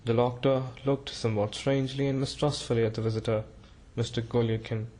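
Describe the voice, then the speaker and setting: A man narrating a classic novel as an audiobook, reading in a measured, even way. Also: mid-range voice, poor audio.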